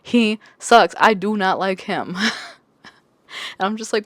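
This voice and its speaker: A woman's voice: mid-range voice, normal speed, no echo. A woman book vlogger talking casually about what she is reading, chatty and exasperated, swearing and laughing often. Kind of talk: casual chat.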